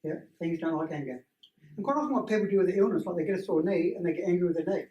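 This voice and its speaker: Man leading a workshop, lively and animated, recorded from across an echoey room. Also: sits high, rapid-fire, dull audio. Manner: animated storyteller who acts out voices. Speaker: energy healing workshop presenter. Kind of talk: casual teaching talk to a small group. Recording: roomy, distant room mic.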